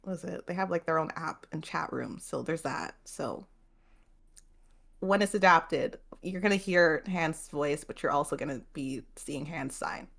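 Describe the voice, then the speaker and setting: A woman's voice: deep voice, measured pace, gravelly, fairly bright tone. Chatty woman hosting a book club. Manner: chatty, hedging, laughs easily. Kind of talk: casual chat.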